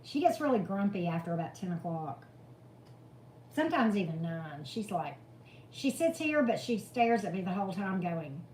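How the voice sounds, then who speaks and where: A woman's voice: mid-range voice, very animated, normal speed, a little mellow, a little hiss or hum. A woman hosting a casual tarot live stream, chatting with viewers and coaxing her dog with sing-song calls. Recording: roomy echo.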